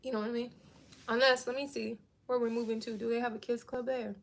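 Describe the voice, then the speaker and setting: A woman hosting a live stream, telling a story in a casual rant, blunt and profane with animated retelling. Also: a little high, quick pace, creaky, slight background noise. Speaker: livestream host.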